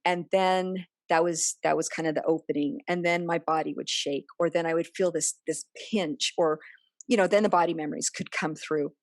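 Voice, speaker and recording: A woman's voice: sits low, steady tone, moderate pace, dry recording, studio quality. A woman speaking earnestly as a podcast guest, often acting out remembered dialogue in other voices. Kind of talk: personal interview conversation.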